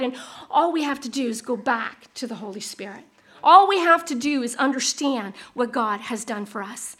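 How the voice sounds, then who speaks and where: A middle-aged woman preaching a sermon, moving between teaching and lively storytelling with emphatic repetition. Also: on the high side, normal speed.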